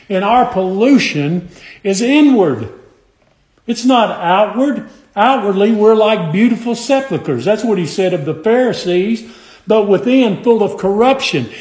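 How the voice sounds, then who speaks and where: A man preaching a sermon, emphatic and measured, drawing out scripture lines in old wording. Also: sits high, darkish tone. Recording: echoey room.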